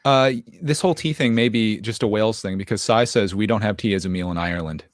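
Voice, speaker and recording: A man's voice: lowish voice, fast talker, no echo, studio quality. A man hosting a casual chat, asking questions and reading out viewers' messages. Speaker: host.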